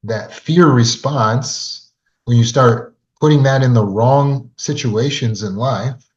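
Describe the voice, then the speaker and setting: A man's voice: mid-range voice, slow pace. A man coaching on trauma recovery who tells a story and turns to the listener with earnest rhetorical questions, in a dull lo-fi recording. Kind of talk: storytelling lesson to camera. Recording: dull lo-fi sound.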